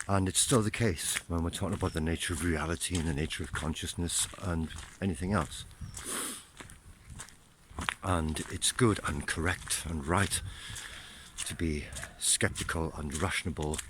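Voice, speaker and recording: Man, very deep voice, reflective monologue, outdoor walk, noisy background. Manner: musing, unhurried, with pauses and ums.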